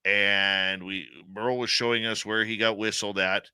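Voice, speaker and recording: A man hosting a radio talk show, telling stories in a lively, chatty way. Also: on the low side, normal speed, smooth, no room sound. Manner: animated storyteller, laughs easily. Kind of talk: casual radio talk, storytelling.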